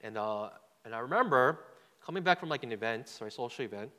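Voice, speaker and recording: With lively intonation and a quick pace, a man whose medium-pitched voice has a sharp tone delivers a sermon featuring a personal story. He talks loosely, repeats words, and keeps asking the crowd "right?". Long reverb from the hall fills the audio.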